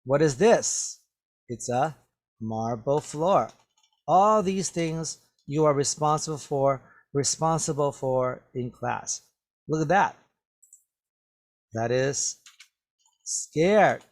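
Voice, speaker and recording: A man teaching an English vocabulary lesson, explaining words slowly and checking in with "okay?" after almost every phrase. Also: a little high. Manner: repetitive, drawn-out explanations with many "okay?" checks. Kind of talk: slow classroom vocabulary lesson.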